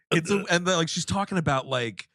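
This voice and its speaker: A man's voice: a little high, normal speed, no room sound, studio quality. A man co-hosting a comedy podcast, casually joking about a film and acting out its lines in mock voices. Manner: animated, mock-quoting characters in silly voices. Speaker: podcast co-host. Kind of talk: casual comedic movie-review chat.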